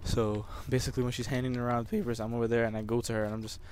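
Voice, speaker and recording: A man's voice: mid-range voice, level tone, racing, darkish tone, a little hiss or hum. A young man telling a personal story over gameplay commentary, emotional and rambling, with many restarts. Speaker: gamer.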